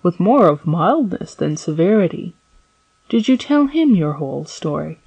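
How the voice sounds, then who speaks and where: Earnest young prisoner, woman reading: eager, lowish, dry close sound. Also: sing-song, moderate pace, creaky, a little mellow, breathy edge, no echo, exaggerated voice, low-quality recording. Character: young male sailor, wronged and earnest prisoner.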